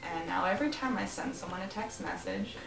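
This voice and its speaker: A woman's voice: medium pitch, a little fast, vocal fry. A young woman co-hosting a comedy chat show, telling stories and riffing with her co-host. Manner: animated storyteller, riffs jokingly with her co-host. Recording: roomy and distant, music behind. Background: music.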